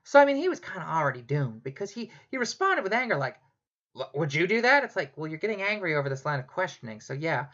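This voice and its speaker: A woman's voice: deep voice, sing-song, fast talker, hardly any pauses, a bit bright. A woman doing a profane, rambling comedic rant monologue, full of sarcasm. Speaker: comedic ranter, show host. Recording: dull lo-fi home recording.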